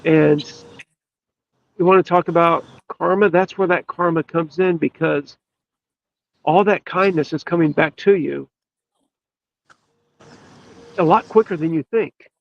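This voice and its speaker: A man, a podcast guest, telling a story in an earnest, emphatic way with drawn-out pauses. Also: on the high side, gravelly, dry recording. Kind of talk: storytelling in casual chat. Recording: dull, lo-fi dry sound.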